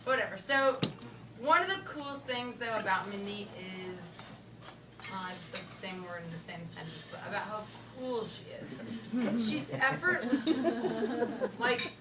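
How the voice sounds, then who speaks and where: A young woman from Connecticut giving a casual, joking rehearsal dinner toast, rambling with playful slang and quick asides. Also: on the high side. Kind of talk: casual joking speech to a crowd. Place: dinner hall with guests. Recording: roomy hall from a distance, loud crowd.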